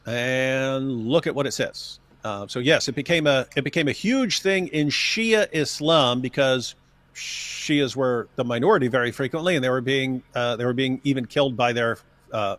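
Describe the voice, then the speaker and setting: A man's voice: medium pitch, fairly bright tone, dry recording. Man, livestream co-host, jokey casual talk, lots of uh and um, dry close-miked sound. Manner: joking, loose delivery with frequent fillers.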